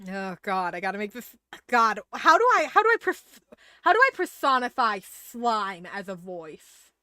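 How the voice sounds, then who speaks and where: A woman's voice: mid-range voice, normal speed, no room sound, clean studio sound. A young woman streaming a game, chatting casually, swearing and joking at her own expense. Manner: animated, self-mocking, swears and laughs often. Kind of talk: casual live-stream commentary.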